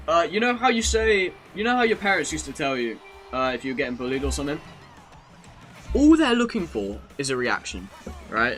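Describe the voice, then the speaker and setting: A young British man streaming a kart-racing game, with a bright, forceful voice that carries easily. He chats loosely to his viewers between races and swears freely. Faint game music plays underneath him. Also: on the high side. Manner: chatty, swears freely, talks to chat while playing. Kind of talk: casual live-stream commentary.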